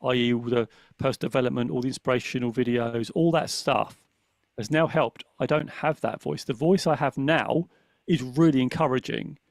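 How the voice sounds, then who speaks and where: A man's voice: mid-range voice, moderate pace, vocal fry, no echo. A man co-hosting a podcast, talking earnestly and reflectively in casual chat, often checking in with "right?". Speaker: podcast co-host.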